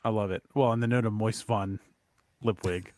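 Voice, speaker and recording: A man's voice: lowish voice, steady tone, moderate pace, darkish tone. A man hosting a podcast in easygoing casual chat, laughing a lot. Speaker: podcast host.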